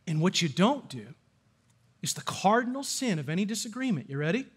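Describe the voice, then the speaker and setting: Middle-aged male preacher, high-pitched, animated delivery with questions to the congregation. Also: a little fast, husky. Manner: animated, asks the audience questions. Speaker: pastor. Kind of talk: sermon.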